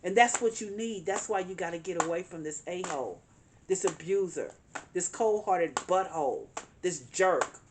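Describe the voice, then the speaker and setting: A woman's voice: lowish voice, moderate pace, background noise. A woman giving a tarot reading, speaking earnestly and emphatically, repeating her points and calling on spirit guides. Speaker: tarot reader.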